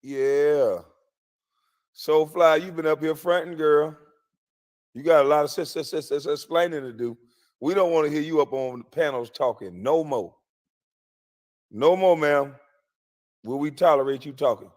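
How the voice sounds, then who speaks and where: A man streaming live comedy commentary, loudly mocking a clip in a sing-song teasing voice. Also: a little high, moderate pace, long pauses.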